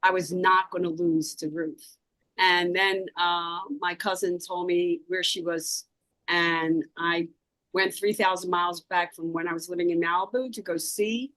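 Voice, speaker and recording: A woman's voice: on the low side, fairly even intonation, unhurried, a bit bright, no echo, rough recording. A woman from South Philadelphia with a Philadelphia accent, a guest author telling an intense personal story in an emphatic way. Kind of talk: interview storytelling.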